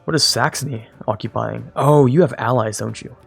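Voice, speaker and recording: Gravelly and husky, his mid-range voice keeps a normal speed over soft music in the background. The young man streams a strategy game, rambling casually, ribbing himself, and talking to his units.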